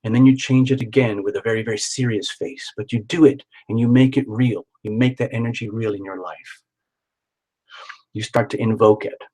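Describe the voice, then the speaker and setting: A man's voice: fairly low pitch, steady tone, moderate pace, mellow, low-quality recording. A man doing a live tarot reading, chatty and encouraging, who repeats words for emphasis. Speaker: tarot reader.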